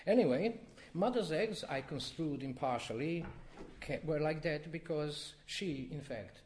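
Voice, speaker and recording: A man reading his own poem to a live audience, with expressive rises and drops in his voice. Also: measured pace, slight background noise. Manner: expressive, wide swings in pitch and loudness. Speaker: poet reading his work. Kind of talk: poetry reading.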